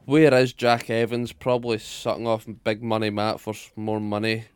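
A man's voice: on the low side, level tone, normal speed, clean tone, no echo. A Scottish man in his twenties co-hosting a podcast, talking in blunt, heavily sweary banter. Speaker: podcast co-host. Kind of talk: casual chat.

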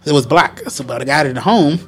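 A man's voice: a little high, quick pace. A man, co-hosting a casual podcast chat, rambling with lots of fillers and casual swearing. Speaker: podcast co-host.

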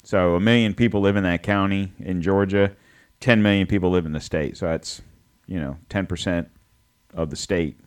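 A man's voice: low-pitched, fairly even intonation, normal speed, clean tone. A man co-hosting a podcast, rambling through a casual political chat, swearing and correcting himself as he goes. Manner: rambling, profane, self-correcting. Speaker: podcast co-host.

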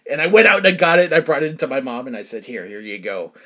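A man's voice: medium pitch, sing-song, fast talker, bright, forceful tone. A middle-aged man hosting a show, telling a personal story in a casual, rambling way full of fillers and bursts of laughter. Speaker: show host.

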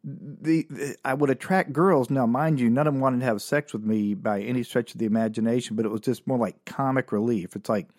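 A man's voice: medium pitch, steady tone, a little fast, hardly any pauses, a little mellow, no echo, clean studio sound. A middle-aged man, hosting a podcast and telling a comic story in a rambling, self-mocking way, chuckling often and swearing casually.

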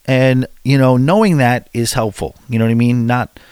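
A man in his forties speaks at a moderate pace with a medium-pitched, slightly mellow, smooth voice. The recording is dry and studio-clean as he casually rambles through self-deprecating tales, restarting many times.

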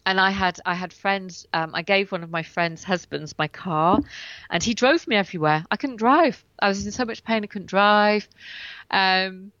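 A woman guest tells her story at home with animated, acted-out asides, and she is in pain as she speaks. Her voice sits at an ordinary pitch and comes through a dull, slightly lo-fi line. The sound is dry and close, with no room around it. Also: normal speed, no echo. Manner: animated, acts out what she and others said. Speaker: guest, writer and coach. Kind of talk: personal storytelling in an interview.

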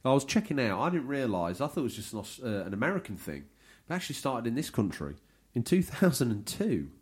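Animated male podcast host. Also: medium pitch, quick pace, slightly rough. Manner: animated, jokey, reads listener messages. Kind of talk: casual podcast chat.

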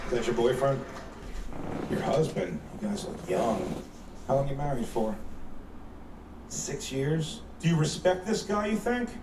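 A man's voice: medium pitch, expressive, a little slow, pauses often. A man doing stand-up crowd work, teasing audience members in a brash, profane way. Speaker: stand-up comedian. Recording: echoey distant stage recording with faint audience noise.

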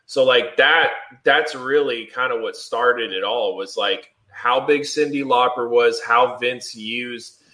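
A man's voice: mid-range voice, slow pace, bright, forceful tone, echoey room. A man co-hosting a casual podcast chat, rambling with lots of fillers. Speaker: podcast co-host.

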